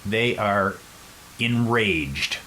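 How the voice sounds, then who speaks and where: Low-voiced male podcast host, chatty storyteller with wry jokes. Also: extremely slow, a little hiss or hum, rough recording. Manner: animated, chatty, wry asides. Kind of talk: casual storytelling.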